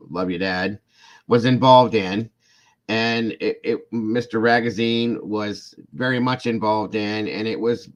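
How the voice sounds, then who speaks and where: A man from Ohio, a podcast guest, telling a long story casually and acting out the people in it. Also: fairly low pitch. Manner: rambling, animated, acts out the people in his stories.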